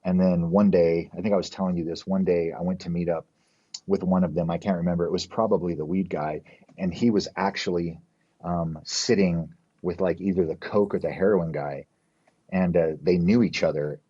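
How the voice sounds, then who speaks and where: Deep, husky man telling a rambling story. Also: steady tone, moderate pace, mellow. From New Mexico, US. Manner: rambling, profane, fills with "like" and "you know"; acts out quoted people in his story. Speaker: podcast guest. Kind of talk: casual storytelling. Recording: slightly dull, muffled podcast audio.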